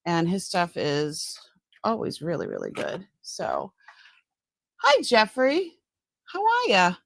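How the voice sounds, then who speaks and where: A woman's voice: fairly low pitch, huge pitch swings, slow pace, vocal fry, fairly bright tone, no echo. A middle-aged woman with a Boston accent, hosting a casual live-stream from home, chatting and rambling as she greets viewers by name. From Massachusetts. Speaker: live-stream seller and host. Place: at home, indoors by a counter.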